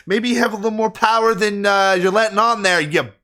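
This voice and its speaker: Woman, let's play host, casual commentary, brash, swears a lot, excitable. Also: medium pitch, a little fast.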